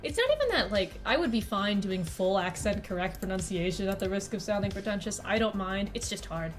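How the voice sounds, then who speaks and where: A woman's voice: medium pitch, steady tone, a little fast, music in the background. A woman streamer chatting casually while drawing, rambling and self-deprecating, swearing freely. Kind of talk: casual live-stream chat.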